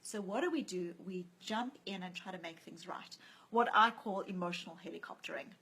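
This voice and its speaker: A woman's voice: lowish voice, normal speed, pushed and bright, breathy edge, rough recording. A woman speaking as an author and guest in a conversational interview, telling stories and acting out the voices she quotes. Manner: storytelling, acts out quoted voices.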